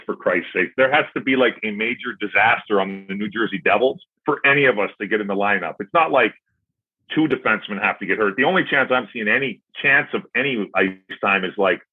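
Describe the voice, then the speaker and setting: A former pro hockey player, guesting on a podcast, tells rambling, profane anecdotes in a husky, low voice over a tinny line. He retells conversations with "I'm like" as he casually spins his stories.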